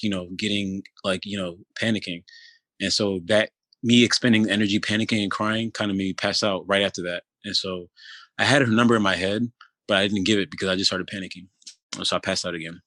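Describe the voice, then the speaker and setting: A man in his thirties tells his own story in an interview, speaking low and with little rise and fall. His voice has a bright, pressing edge, and the recording is dry and close. He talks in a halting, loose way, with constant "you know"s and restarts. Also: no echo. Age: 30s. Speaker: interview guest. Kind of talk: telling a personal story in conversation.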